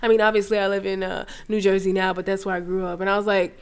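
A young woman from the New York area telling a story in casual chat, animated and profane, acting out the people she quotes. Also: medium pitch, fast talker, clean tone.

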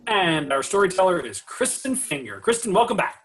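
A man's voice: sits high, sing-song, fairly quick, fairly bright tone. A man hosting a comedy podcast, introducing his panel and guest in an upbeat way. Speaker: podcast host. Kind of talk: show introduction.

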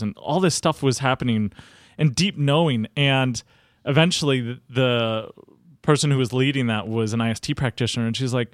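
A man in his thirties, a podcast guest telling his story in conversation, acting out quoted dialogue with big jumps in pitch. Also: no echo, clean studio sound.

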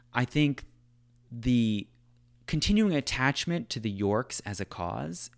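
A man talking through history in a loose, conversational way, full of "like" and "right?". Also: medium pitch. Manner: loose, filler-heavy talk, frequent "right?" and "like". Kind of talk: conversational discussion.

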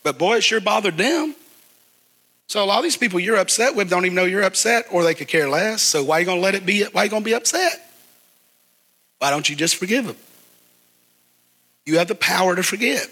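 High, bright-voiced preacher man. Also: expressive, a little fast, long pauses. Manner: call-and-response preaching, asks the crowd to repeat. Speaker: pastor. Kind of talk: sermon.

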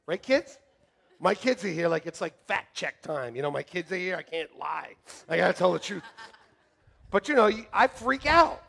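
Middle-aged male pastor, high and lively voice, animated joking sermon, shouts then hushes. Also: moderate pace, creaky. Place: church sanctuary.

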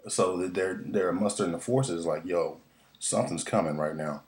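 Male recap host, extremely low voice, profane, excitable, lots of ums and restarts. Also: moderate pace. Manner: profane, excitable, rambling with many fillers. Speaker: podcast host recapping a TV episode. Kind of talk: casual TV episode recap.

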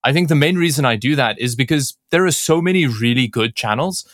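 A man with a South African accent that has picked up North American edges talks as a podcast guest. He is self-deprecating, laughs easily and stumbles over his restarts, at a mid-range pitch. The recording is dry and close. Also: animated, fairly quick, a bit bright, dry recording. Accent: South African, shifting toward North American. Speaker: podcast guest, tech video creator. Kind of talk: casual tech podcast chat.

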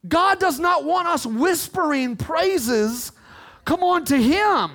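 A male pastor preaching a sermon in a lively, playful way, talking with the congregation and swinging between hushed and loud delivery. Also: extremely high pitch, slow. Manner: animated, swings from whispers to shouts.

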